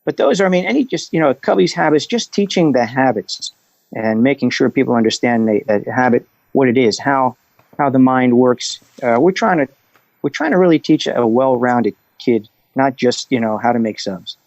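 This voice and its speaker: A middle-aged man talking as a guest on a podcast, telling anecdotes and getting animated when he quotes people. His voice comes through slightly dull and dry, with no room sound around it. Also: mid-range voice, moderate pace, vocal fry, dry recording. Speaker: guest, restaurant executive and coach. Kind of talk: conversational interview.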